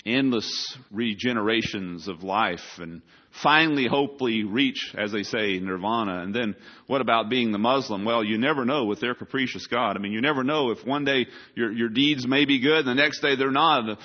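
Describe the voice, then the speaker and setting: A man's voice: medium pitch, normal speed. A man, preaching a conversational sermon that asks his congregation questions and swells to urgent emphasis. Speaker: pastor. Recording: dull lo-fi sound.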